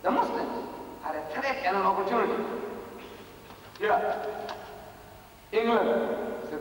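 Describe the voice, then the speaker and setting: A man's voice: high voice, lively intonation, measured pace, long pauses, background noise. A man giving a religious lecture to students, emphatic and rhetorical, often repeating his points for effect. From South Africa. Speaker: speaker addressing students. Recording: echoey hall from far off.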